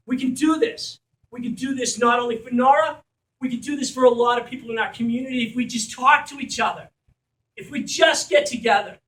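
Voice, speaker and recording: High-voiced man giving an impassioned speech. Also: fairly bright tone. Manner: passionate, blunt, swears when fired up. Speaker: community event organizer. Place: community gathering at a school. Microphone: distant from the mic. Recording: echoey room, recorded from far off.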